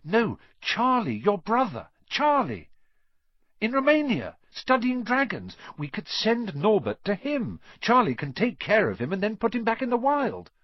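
A man raising his voice into an eager young schoolboy, urgent and quick to push his ideas, high and lively. The sound is dry and a bit dull. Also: no echo, heavily acted. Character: eager, quick-thinking eleven-year-old boy.

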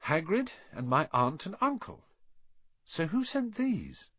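Reader plays a soft-spoken, wide-eyed boy, pitched high, lively lilt. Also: slow pace, no room sound, lo-fi sound, full character voice. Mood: surprised, pleased. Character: polite, curious young boy wizard.

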